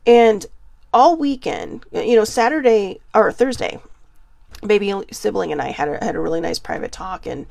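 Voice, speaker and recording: Podcast host, forties, female, gravelly edge, earnest and rambling, dry booth sound. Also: medium pitch, animated, moderate pace, darkish tone, no echo. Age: 40s. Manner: rambling and earnest, many fillers and restarts. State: getting emotional. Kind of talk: casual personal monologue.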